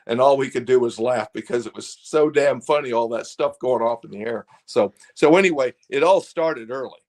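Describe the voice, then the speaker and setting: A man's voice: medium pitch, moderate pace, darkish tone. Rambling older man telling stories. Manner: rambling, laughs often, restarts. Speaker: guest, former fighter pilot. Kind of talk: casual storytelling.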